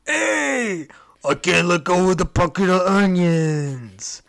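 A man's voice: high voice, lively intonation, slow, gravelly, fairly bright tone, heavily acted. A man voicing a frightened, sobbing male burger monster in a comic retelling, talking in a whiny wail. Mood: weepy. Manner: whiny wailing sobs.

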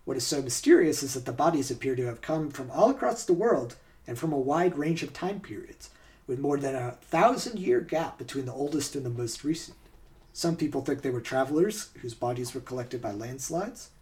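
A man at a middle pitch reads trivia aloud for a quiz on a podcast. His reading is steady and measured, and he slips into easy, casual chat between the questions. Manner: reads facts aloud, then chats casually. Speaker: podcast host.

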